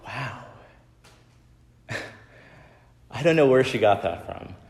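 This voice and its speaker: Unhurried pastor in an echoing hall. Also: male voice, medium pitch, animated, creaky, very noisy. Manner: conversational, frequent "right?" tag questions. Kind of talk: sermon with personal stories. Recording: echoey hall with long reverb.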